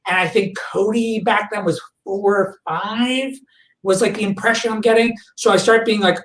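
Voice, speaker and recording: A man guest on a podcast, recounting a personal memory in a halting way, full of fillers and restarts. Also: high-pitched, fairly bright tone. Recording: echoey room, voice far from the mic.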